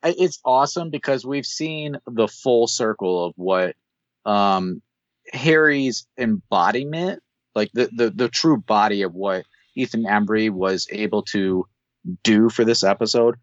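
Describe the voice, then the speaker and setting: A man's voice: lowish voice, a little slow, dry recording, lo-fi sound. A man in casual conversation about a TV episode, rambling with fillers. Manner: rambling, many fillers and restarts.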